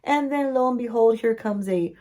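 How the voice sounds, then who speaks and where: A woman's voice: a little high, moderate pace, mellow. A woman, a beauty vlogger, recapping a TV show story-time style while doing her makeup, chatty and playful with asides to the viewers.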